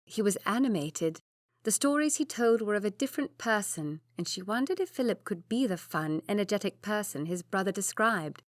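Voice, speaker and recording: A woman narrating a historical romance audiobook in a measured, even reading. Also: medium pitch, no room sound, clean studio sound. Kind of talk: scripted narration.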